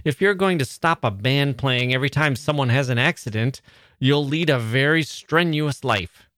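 A man reading aloud, voicing an impatient, sharp-tongued older sister who scolds. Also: medium pitch, moderate pace, dry recording, studio quality, pitched above the performer's own voice, lightly acted.

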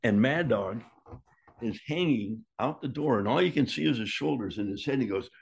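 A man's voice: medium pitch, normal speed, vocal fry, husky. An older man, a former wrestler, casually telling a story, acting out what people said and swearing freely. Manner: lively yarn-spinner who acts out quotes and swears freely.

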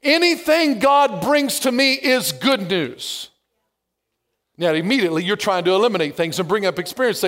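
Man, pastor, sermon, high voice, emphatic slowed phrases, playful asides. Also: sing-song, fairly bright tone.

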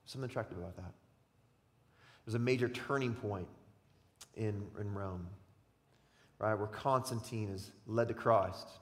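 A man preaching a sermon as pastor, animated, swinging between loud emphatic lines and quiet slow ones. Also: on the low side, in a large hall.

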